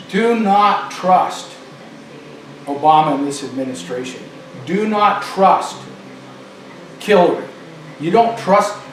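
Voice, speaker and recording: A man delivering an emphatic political monologue, repeating phrases for stress, recorded far off in an echoey room with faint noise. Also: high voice.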